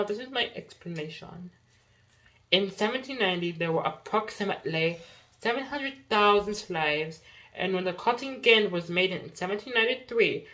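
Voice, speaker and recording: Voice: medium pitch, a bit bright, poor audio. Young solo podcaster, casual, chatty, rambling, lots of fillers, stops to correct themself. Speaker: podcast host.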